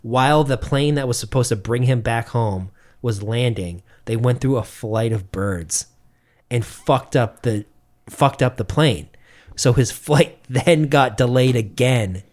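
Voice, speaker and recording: With a mid-range voice at a measured pace, a young Massachusetts man co-hosts a podcast. His storytelling is casual and animated, packed with swearing.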